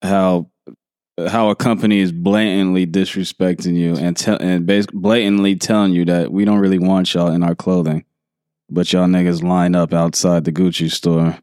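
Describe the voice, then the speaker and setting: Low, smooth-voiced man hosting. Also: normal speed, no echo, studio quality. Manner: relaxed, storytelling, blunt. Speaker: podcast host. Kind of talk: casual chat.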